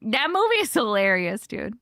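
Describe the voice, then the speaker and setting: Young woman host, fairly high voice, chatty and scattered with playful noises; very dry, close sound. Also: big pitch swings, moderate pace, pushed and bright, no room sound. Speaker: livestream host reading viewer stories. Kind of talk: casual live chat with viewers. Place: home room.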